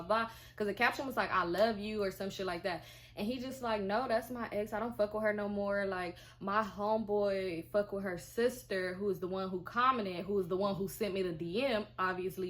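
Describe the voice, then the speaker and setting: A young woman, telling a storytime in casual chat, animated and profane and acting out the dialogue. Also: medium pitch. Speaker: vlogger.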